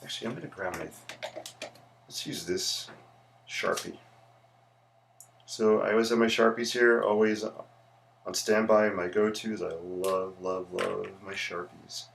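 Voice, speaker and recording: A man's voice: lowish voice, steady tone, measured pace, gravelly, pauses often, a bit bright, a little hiss or hum. A man, an architect who teaches, chatting casually with viewers on a livestream while he sketches. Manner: chatty, greets viewers, rambling asides.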